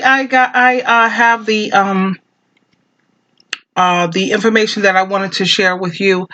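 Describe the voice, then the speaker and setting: A woman's voice: mid-range voice, a bit bright, a little hiss or hum. A woman vlogger chatting casually to her viewers in a playful, teasing way.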